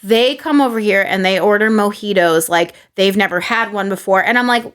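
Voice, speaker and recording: A woman's voice: mid-range voice, brisk, a bit bright, smooth. A woman co-hosting a podcast, casually telling exasperated stories about customers at the restaurant where she works. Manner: exasperated, storytelling, casual swearing. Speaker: podcast co-host, server.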